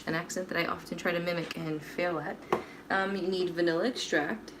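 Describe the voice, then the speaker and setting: A young woman with a slightly low voice chats casually while baking on a livestream in her kitchen. She jokes about her own cooking and talks back to viewers' comments. Steady noise sits under the home stream. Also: fairly quick. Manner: chatty, self-deprecating, reads viewer comments aloud.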